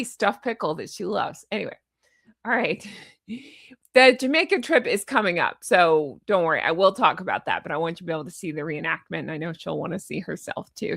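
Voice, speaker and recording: A woman in mid-range pitch talks through a book in a chatty, wry way, slipping little laughs between her remarks. Her voice sits close and dry, with no room sound around it. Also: fairly bright tone, no echo. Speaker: commentary channel host. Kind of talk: casual commentary on a book.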